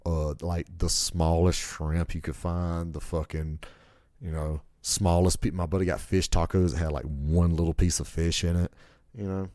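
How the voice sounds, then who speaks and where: A man's voice: low-pitched, level tone, moderate pace, a little mellow, no room sound, clean studio sound. A man hosting a podcast, telling rambling, profane stories in a laid-back, casual way. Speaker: podcast host.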